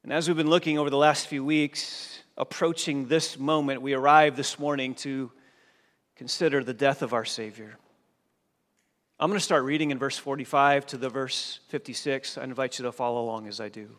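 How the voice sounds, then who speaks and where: A man's voice: mid-range voice, steady tone, moderate pace, fairly bright tone. A male pastor preaching a sermon in a church, pressing his listeners with emphatic questions. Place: church sanctuary. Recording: long reverb of a church hall.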